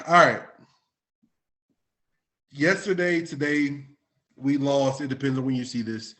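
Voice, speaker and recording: A man's voice: medium pitch, slow pace, long pauses, a bit bright. A man in his late thirties from Florida, hosting a podcast in casual chat, talking loosely and profanely while a bit intoxicated. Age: late 30s. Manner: loose, profane, slightly tipsy talk. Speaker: podcast host.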